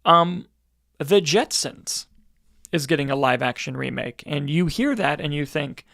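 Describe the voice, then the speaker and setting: Gravelly man in casual podcast chat. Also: on the high side, animated, unhurried, a bit bright, dry recording, clean studio sound. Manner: candid, profane, joking. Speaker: podcast co-host.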